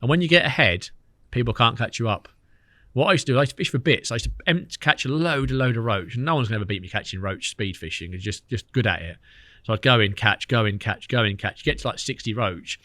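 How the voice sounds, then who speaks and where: A man, a podcast guest telling lively stories in casual chat, acting out what others said. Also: mid-range voice, no echo. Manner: fast, animated storytelling with quoted dialogue.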